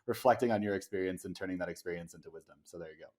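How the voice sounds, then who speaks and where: A man's voice: low voice, rapid-fire, a little mellow. A man hosting a podcast interview, asking reflective, encouraging questions with frequent fillers. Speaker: podcast host. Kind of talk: casual conversational interview.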